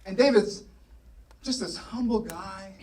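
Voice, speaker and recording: A male pastor preaching a sermon in a church, telling a story with animated energy and playful asides. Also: high-pitched, slow, distant mic. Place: church sanctuary.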